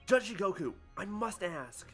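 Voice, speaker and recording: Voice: mid-range voice, expressive, unhurried, soft background music, close to an everyday voice. A streamer voicing an earnest young defense lawyer. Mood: determined. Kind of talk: voicing game characters on a livestream.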